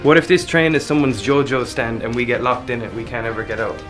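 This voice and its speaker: A young man filming a casual travel vlog, excitable and swearing freely. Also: medium pitch, fast, music in the background. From Ireland. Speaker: vlogger. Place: outdoors and inside an abandoned train.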